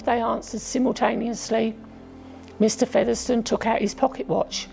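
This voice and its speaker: A woman from England narrating a children's storybook aloud, gently voicing the characters' lines as she goes. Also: a little high, fairly even intonation, moderate pace, creaky, poor audio. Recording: faint music behind.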